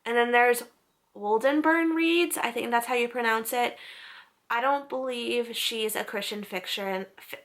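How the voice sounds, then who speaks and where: A young book vlogger with a fairly high, slightly bright voice chats casually about book channels she recommends. She's upbeat and talkative, though unsure how to pronounce some names.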